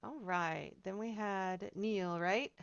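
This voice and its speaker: A woman's voice: mid-range voice, slow pace, clean tone, dry recording. Encouraging woman piano teacher, muffled. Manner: encouraging, chatty, sings out rhythms. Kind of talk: giving feedback in a recital seminar.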